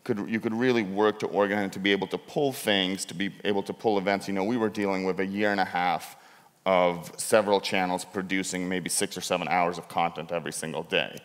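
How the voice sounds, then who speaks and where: A man's voice: deep voice, fairly even intonation, fairly quick. A man, a documentary filmmaker, explaining his work on a conference panel in loose, restarting sentences. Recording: long hall reverb.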